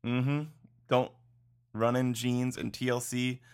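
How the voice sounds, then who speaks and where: A man's voice: medium pitch, completely flat delivery, slow pace, clear, resonant tone. A man co-hosting a podcast in casual chat, laid-back, laughing often and saying "dude" and "like". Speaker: podcast co-host.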